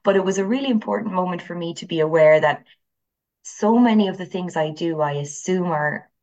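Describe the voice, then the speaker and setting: Low-voiced Irish woman telling classroom stories. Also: brisk. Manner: animated storyteller, acts out voices. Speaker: teacher and guest. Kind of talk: conversational interview.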